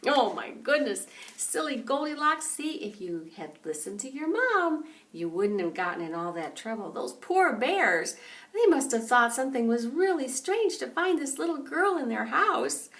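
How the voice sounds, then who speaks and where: A grandmother telling a bedtime story in an animated, dramatic way, recorded from a distance. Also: fairly high pitch. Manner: animated, dramatic, slow and expressive.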